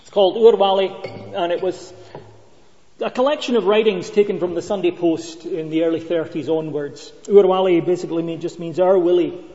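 A Scottish man with a high, dark-toned voice preaches a sermon at a moderate pace, his intonation fairly even. He tells stories and poses rhetorical questions to the congregation in a conversational way. The recording is dull and lo-fi, with long reverb.

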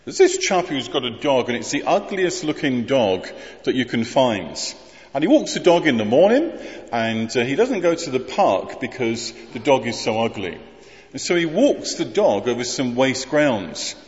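A man's voice: medium pitch, big pitch swings, moderate pace, darkish tone. A man preaching a sermon, conversational and wry, asking rhetorical questions. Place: church. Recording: muffled voice in a reverberant church.

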